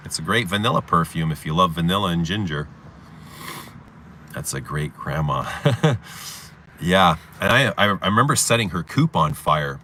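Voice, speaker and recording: A man from Canada hosting a casual livestream chat, telling childhood stories with lots of laughter and loud acted-out shouts. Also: low voice, slight background noise. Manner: animated, laughing often, swearing, acting out shouts. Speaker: livestream host.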